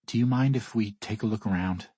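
A man performs a fierce young woman archer in this audiobook, lifting his voice a touch higher. She sounds brisk and defiant, with a husky grain in a dry, close recording. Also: mellow, no echo. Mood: pressing.

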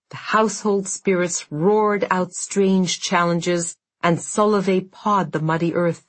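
A woman reading an audiobook in a measured, dramatic storytelling manner. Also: on the low side, steady tone. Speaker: audiobook narrator. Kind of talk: scripted narration.

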